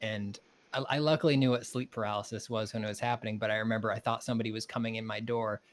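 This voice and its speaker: A man co-hosting a casual game stream, relaxed and laid-back as he tells a story. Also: on the low side, fast, a little hiss or hum. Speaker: co-host. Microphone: headset over voice chat.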